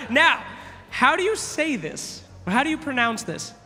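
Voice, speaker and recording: A man hosting a quiz at a live event, loud and playful, teasing contestants and shouting out to the crowd. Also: very high voice, very animated, a little slow. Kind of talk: energetic stage hosting to a crowd. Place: large live event arena. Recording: echoey arena hall with music.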